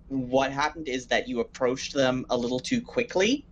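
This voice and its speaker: A game master running a tabletop session and handing down playful, matter-of-fact rulings. The pitch moves in lively swoops. A faint hiss of noise sits under the voice. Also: a little slow, few pauses, dull audio.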